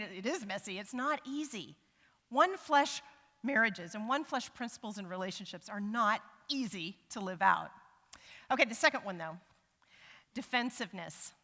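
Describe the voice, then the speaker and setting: A middle-aged woman giving a sermon to a church congregation, animated and humorous, acting out the voices she quotes. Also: fairly high pitch. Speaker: church speaker. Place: large church sanctuary. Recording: church hall with long reverb.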